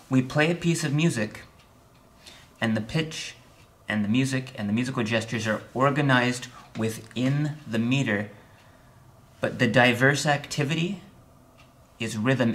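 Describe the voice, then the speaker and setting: A man teaching a music theory lesson, chatty and a little wry, often checking in with the viewer and counting beats out loud with hard accents on the downbeat. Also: mid-range voice, a little slow. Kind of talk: recorded video lesson.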